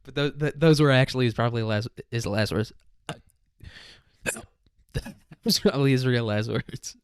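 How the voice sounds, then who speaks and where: A man's voice: medium pitch, normal speed, clear, resonant tone, no echo, clean studio sound. Rambling, profane young man. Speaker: podcast host. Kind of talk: casual solo podcast.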